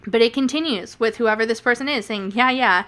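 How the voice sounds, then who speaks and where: A woman's voice: a little high, brisk, fairly bright tone. A woman YouTuber giving casual commentary, sarcastic, swearing and often laughing.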